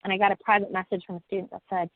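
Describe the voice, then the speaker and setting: A woman's voice: medium pitch, level tone, racing, no echo. A woman who teaches college classes in the United States, speaking on a webinar panel in a folksy, conversational way with many fillers and restarts, heard over a video call. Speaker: college instructor. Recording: tinny phone-like, dry audio.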